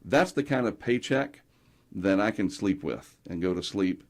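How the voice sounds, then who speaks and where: Middle-aged man from North Carolina, interview guest; low-ish voice, chatty storyteller who acts out the quotes. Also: measured pace. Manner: animated anecdotes, acting out quotes. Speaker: guest, hurricane tracker.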